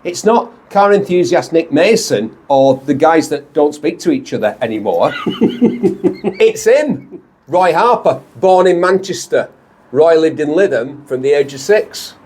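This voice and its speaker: A man's voice: on the high side, lively intonation, a little mellow. A man with a Lancashire accent hosting a car show, chatting and joking in a moving car. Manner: jokey, rambling, quick to laugh. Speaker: host. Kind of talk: casual banter in a car.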